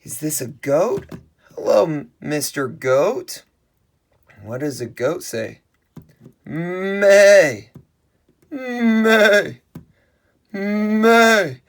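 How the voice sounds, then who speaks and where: A woman presenting a children's learning video, speaking very slowly and deliberately. Her pitch swings widely and playfully as she gasps in surprise and imitates animal noises for young viewers. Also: big pitch swings, a little mellow, husky. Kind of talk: children's educational storytelling.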